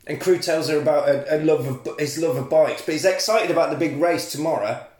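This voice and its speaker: A man's voice: fairly high pitch, fairly quick, echoey room. A man from England recapping a film in casual, sweary banter, acting out characters as he tells it. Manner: sweary, animated storytelling with put-on voices.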